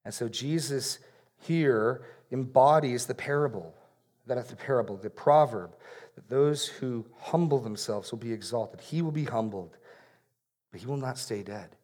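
A man's voice: mid-range voice, moderate pace. Earnest male preacher repeating key phrases. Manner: earnest, repeats key phrases for emphasis, drops soft on solemn points. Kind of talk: expository sermon.

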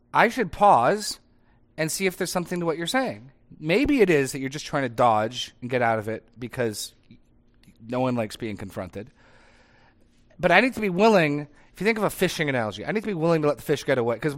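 A man preaching in a conversational, animated way, acting out short dialogues as examples. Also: medium pitch. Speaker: pastor. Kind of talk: conversational sermon.

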